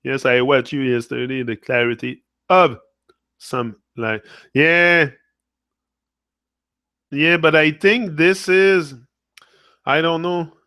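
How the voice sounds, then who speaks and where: A man's voice: fairly high pitch, slow pace, pauses often, pushed and bright, clean tone, dry recording. A young man with a Quebec French accent hosting a casual live chat with viewers, switching between French and English with many fillers. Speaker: livestream host.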